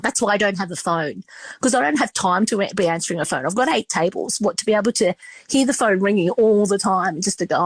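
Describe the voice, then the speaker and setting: A woman's voice: medium pitch, lively intonation, fast talker, husky, no room sound, poor audio. A middle-aged woman with an Australian accent telling stories in a casual interview, chatty and full of restarts and quoted dialogue. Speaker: restaurateur and podcast guest.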